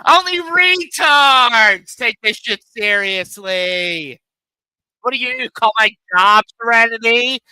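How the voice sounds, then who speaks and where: A man putting on a loud, brash male chatter who mocks trolls in a drawn-out, taunting voice. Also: very high voice, expressive, clear, resonant tone, no echo, voice pushed up, heavily acted, rough recording. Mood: mocking.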